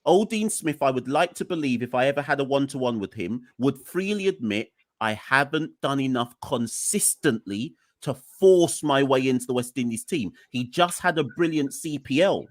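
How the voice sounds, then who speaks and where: A man co-hosting a cricket podcast, ranting with animated exasperation and pushing his voice toward near shouts. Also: mid-range voice, moderate pace, hardly any pauses, dry recording, studio quality. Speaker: podcast co-host. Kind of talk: heated cricket podcast rant.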